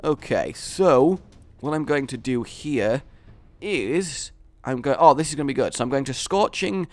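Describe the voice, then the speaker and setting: Young male gaming host, lively pitch, excitable play-by-play with gleeful shouts. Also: unhurried. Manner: animated, with loud triumphant outbursts. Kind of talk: excited gameplay commentary.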